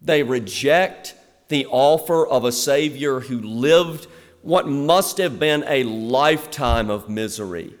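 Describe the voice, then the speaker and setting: A man preaching an expository sermon as a pastor, animated, moving between loud emphasis and quiet asides. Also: mid-range voice. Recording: long reverb of a large hall.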